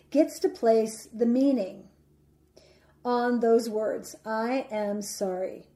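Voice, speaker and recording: A woman giving a reflective teaching talk about relationships, speaking in a measured, deliberate way and slowing down for emphasis. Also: fairly high pitch, dark tone.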